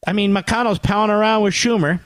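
A man hosting a talk radio show, delivering a sarcastic, animated political monologue with asides to his producer. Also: high voice, fairly quick, dry recording.

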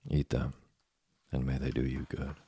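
A man voicing a patient, kind old woodcarver father in a storybook reading, calm and gently lecturing. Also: rumbling low, unhurried, husky, full character voice. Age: older.

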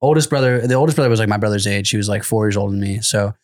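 A man's voice: on the low side, rapid-fire. A man on a comedy podcast telling a childhood story in casual chat, laughing often and acting out the people in it. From Los Angeles. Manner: animated storyteller, acts out voices, laughs mid-sentence. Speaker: comedian guest.

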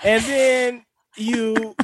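A man's voice: very high voice, flat delivery, very slow, no room sound, studio quality. A man, a comedian guest, chatting casually in a playful, slangy way with stammering restarts. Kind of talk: casual recap chat.

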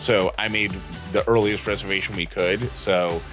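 A goofy man in his thirties riffs and teases his co-host on a podcast, his voice sitting a little low. Faint music plays far behind the casual chat. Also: steady tone, moderate pace, fairly bright tone. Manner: goofy, jokey, teasing.

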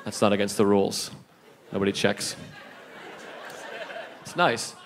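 A man's voice: on the low side, fairly even intonation, measured pace, a little hiss or hum. Dry self-deprecating male stand-up. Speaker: stand-up comedian. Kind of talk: stand-up set. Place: comedy club stage. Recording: live club recording with crowd laughter. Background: audience laughter.

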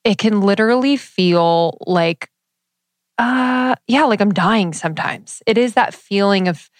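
A woman's voice: mid-range voice, dry recording. A young woman co-hosting a podcast, talking openly and thoughtfully in a casual way. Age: young adult. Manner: reflective, open, many fillers and pauses. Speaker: podcast co-host. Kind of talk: casual chat.

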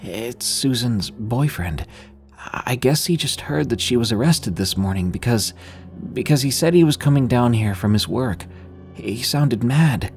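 A man voicing a meek, quiet young woman coworker who speaks in a hushed, nervous way. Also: mid-range voice, expressive, measured pace, soft background music, pitched above the performer's own voice. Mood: scared.

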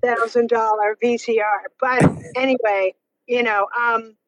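A woman's voice: fairly high pitch, steady tone, unhurried, muffled recording, noisy background. A woman, a comedian, chatting in an interview in a jokey way. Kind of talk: casual interview.

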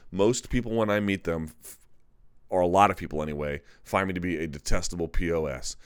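A man's voice: sits low, brisk, smooth, dry recording, studio quality. A man hosting a live chat, talking candidly in a rambling, self-correcting way. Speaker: MMA live chat host. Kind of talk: casual live-stream commentary.

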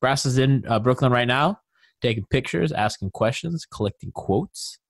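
A man hosting a casual sports podcast, excitable and quick to laugh. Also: medium pitch, dry recording. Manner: animated, excitable, laughs a lot. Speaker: podcast host.

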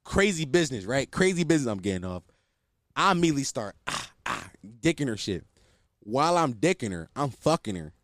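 A man's voice: medium pitch, big pitch swings, brisk, dry recording, studio quality. A young man telling a story in casual, profane, self-mocking slang to his listeners.

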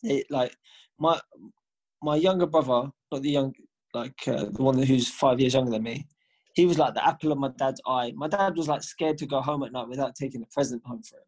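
A man's voice: mid-range voice, brisk, darkish tone. A young man, co-hosting a podcast and telling a long family story in casual, slangy, profane chat. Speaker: podcast co-host.

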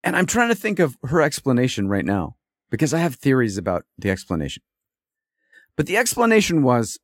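A man's voice: medium pitch, wildly swooping pitch, fairly quick, no room sound, studio quality. A man hosting a podcast, telling a story in a rambling, exasperated casual monologue. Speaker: podcast host.

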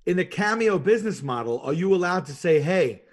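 A man with a somewhat high voice trades quick, joking riffs in a loose podcast conversation. His delivery is relaxed and conversational. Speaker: podcast guest. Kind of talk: casual comedic podcast banter.

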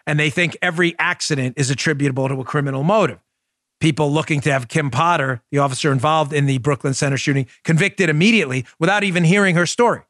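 This podcast host, a forceful man in his forties with a Queens, New York accent, has a slightly high voice that sounds dry and close on a studio mic with no echo. He moves at a quick pace through political commentary, pushing it along with loud emphasis and pointed rhetorical questions.

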